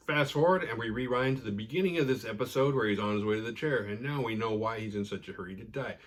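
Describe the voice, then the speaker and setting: Husky-voiced man recapping a show. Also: medium pitch. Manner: profane, animated retelling with quick acted quotes. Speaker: podcast host recapping episodes. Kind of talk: casual recap chat.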